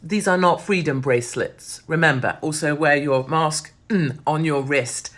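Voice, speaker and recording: A middle-aged woman rants in a blunt, sardonic monologue, swearing freely. Her voice sits low for a woman. She speaks close to the mic. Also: unhurried, a bit bright. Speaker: host. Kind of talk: casual monologue.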